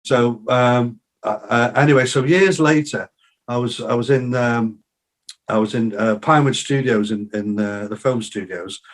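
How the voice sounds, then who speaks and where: Speaking at a normal speed with a mid-range voice, this older man is a songwriter and musician guesting on a podcast. His casual interview stories wander, packed with acted-out quotes from people he's met, and he often restarts and uses fillers.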